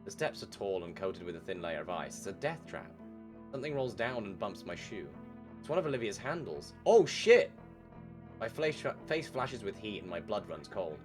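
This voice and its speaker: A male game streamer with a low voice that swings widely as he reads a visual novel aloud. He keeps cutting in with his own reactions and casual swearing, and his delivery stays lively throughout. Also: moderate pace, music in the background. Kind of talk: reading a visual novel aloud with live commentary.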